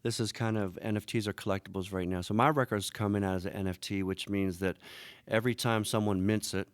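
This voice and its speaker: A man from Philadelphia, a musician, talking casually in a radio studio interview, relaxed and chatty with fillers. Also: on the low side, quick pace, dry recording. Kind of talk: singing and rapping, then casual interview talk.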